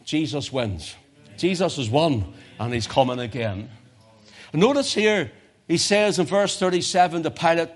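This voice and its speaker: A man preaching a sermon, building to loud emphatic peaks and dropping to hushed, almost whispered lines, repeating phrases for effect. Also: fairly high pitch. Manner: dramatic swings from loud crescendo to hushed near-whisper.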